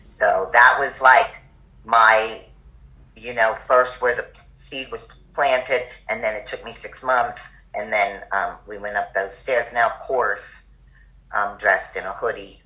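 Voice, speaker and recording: Animated storyteller woman, bright voice. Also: rumbling low, slow, poor audio. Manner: animated, acts out quoted dialogue. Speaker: podcast guest, yoga teacher. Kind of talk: casual conversational storytelling.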